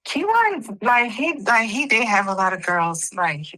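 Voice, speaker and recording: A woman's voice: fairly high pitch, very animated, measured pace, pushed and bright, low-quality recording. A woman answering interview questions in a hesitant, casual way, full of fillers. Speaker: interview guest. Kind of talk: casual chat.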